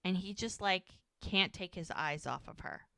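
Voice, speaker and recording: A woman co-hosting a rewatch podcast, chatting casually as she retells scenes and drops in quick character quotes. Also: fairly low pitch, gravelly, sharp tone, dry recording, studio quality. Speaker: podcast co-host recapping episodes.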